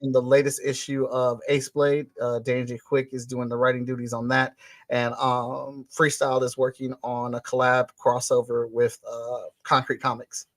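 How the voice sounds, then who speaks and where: Guest, male, mid-pitched, dry close audio, relaxed and thankful, lots of ums. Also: moderate pace, no echo. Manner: grateful, easygoing, many fillers. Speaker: comic book creator guest. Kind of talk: casual interview answers.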